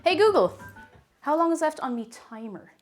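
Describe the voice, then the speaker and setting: A woman's voice: sits high, very animated, moderate pace, soft background music. A young Irish woman chatting casually on a cooking live stream in her home kitchen, reading out viewer comments with playful asides.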